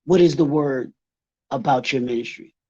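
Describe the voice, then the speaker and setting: A man's voice: medium pitch, normal speed, darkish tone, breathy edge, no echo. Man presenting with repeated rhetorical questions. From Baltimore. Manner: repeats rhetorical questions, restates each point. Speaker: workshop presenter. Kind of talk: workshop presentation. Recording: dull, dry lo-fi recording.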